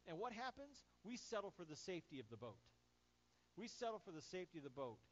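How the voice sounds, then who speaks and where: Male pastor, sermon, fairly high voice, dull lo-fi sound, faint hum. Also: fast talker. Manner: animated, acts out Bible quotes.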